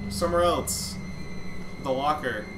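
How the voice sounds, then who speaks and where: A young man doing excited let's play commentary with friends, yelling instructions and laughing often, with game music behind. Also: mid-range voice, measured pace, noisy background. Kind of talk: excited group gaming commentary.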